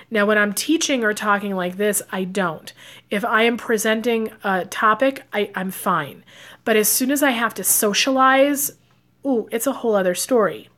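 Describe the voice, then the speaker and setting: Her voice fairly high and fairly bright, a woman who works as a psychic and life coach chats with her audience to camera, offering advice. Filler words abound, and she performs the quotes she relays.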